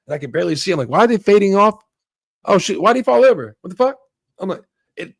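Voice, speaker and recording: A man in a casual livestream debate about a movie, talking in an animated way, swearing and acting out reactions. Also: on the high side, creaky, dry recording. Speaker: podcast host.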